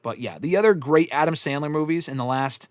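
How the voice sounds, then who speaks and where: A man's voice: fairly high pitch, a little fast, no echo, clean studio sound. A man hosting a live stream, reading chat messages and chatting casually, swearing freely and laughing often. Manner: swears often, laughs a lot, animated and rambling. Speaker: host answering live chat.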